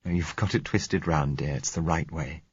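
A man reading a gentle, coaxing young man. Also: rumbling low, moderate pace, husky, no echo. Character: tender, resigned young man. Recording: slightly dull recording.

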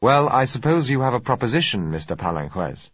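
A man voicing a wary middle-aged managing director who talks briskly and guardedly, in a dull lo-fi recording. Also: medium pitch, very animated, fairly bright tone, husky, no echo, voice pushed up.

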